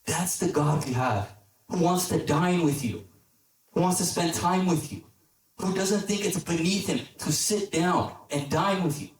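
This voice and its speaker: A man giving a casual sermon to a youth group, with a fairly high voice. He tells a story in a relaxed way, often checks in with his listeners, and drops low for emphasis. He is heard from a distance in an echoey hall. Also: a little slow. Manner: conversational, checks in with the audience. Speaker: deacon preaching to a youth group.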